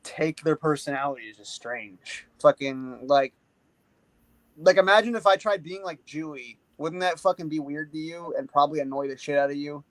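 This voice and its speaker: A man's voice: a little high, moderate pace, dry recording, low-quality recording. A man in a casual podcast chat, talking bluntly with lots of swearing and filler words.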